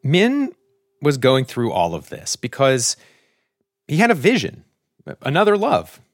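A man's voice: mid-range voice, wildly swooping pitch, a little slow, no room sound, studio quality. A man hosting a podcast, narrating a script and interviewing a guest in a playful, conversational way. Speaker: podcast host. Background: music.

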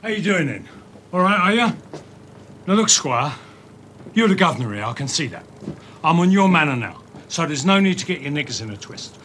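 A Cockney ex-con, menacing. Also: male voice, fairly high pitch, big pitch swings, fairly bright tone, a little hiss or hum. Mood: coolly menacing. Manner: street-tough, slangy, deliberate. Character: hardened male ex-con, cool and menacing. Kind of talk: film acting.

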